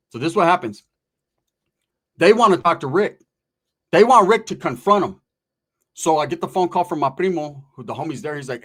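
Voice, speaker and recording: Fast-talking, profane storytelling man. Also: mid-range voice, expressive, a bit bright. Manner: profane street slang, fast rambling. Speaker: podcast storyteller. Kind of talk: casual storytelling.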